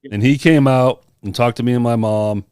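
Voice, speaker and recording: A man's voice: mid-range voice, steady tone, normal speed, darkish tone, clean tone, no room sound, studio quality. A man on a podcast telling a personal story in casual chat, acting out the people he quotes. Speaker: podcast co-host.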